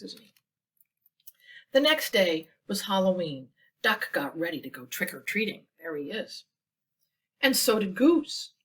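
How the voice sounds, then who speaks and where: A woman reads a picture book aloud to children at a slow, lively pace. Her voice is breathy and a little husky, and she sounds distant from the mic. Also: fairly low pitch. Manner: slow and expressive, asides to children. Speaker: children's librarian. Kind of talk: storytime read-aloud.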